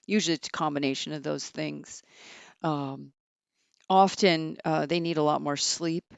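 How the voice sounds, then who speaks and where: A woman guest on a podcast, explaining her coaching work in a measured, practical way. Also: deep voice, steady tone, vocal fry, no room sound. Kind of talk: conversational interview answers.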